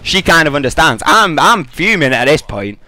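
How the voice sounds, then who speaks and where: A man's voice: on the high side, big pitch swings, moderate pace, sharp tone, dry recording. A young British man in a gaming commentary rant, telling an angry, profane story.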